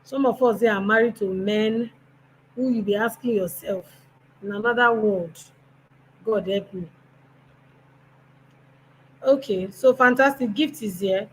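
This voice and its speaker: A woman's voice: a little high, unhurried, pauses often, slight background noise, rough recording. A woman with a Nigerian accent hosting a conference, chatty and bantering with the audience. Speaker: conference host. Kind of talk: casual stage hosting.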